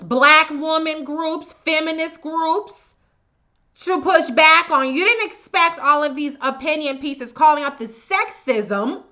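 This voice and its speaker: A woman's voice: sits high, sharp tone. A woman hosting a live stream, greeting viewers by name and ranting with heavy profanity and open contempt. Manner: profane, fiery and contemptuous rant. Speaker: livestream host. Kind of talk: live political commentary.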